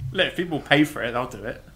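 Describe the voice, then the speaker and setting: A man's voice: medium pitch, expressive, brisk, fairly bright tone. A man co-hosting a casual wrestling podcast, wryly reading out listener questions and answering them. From Britain. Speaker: podcast co-host.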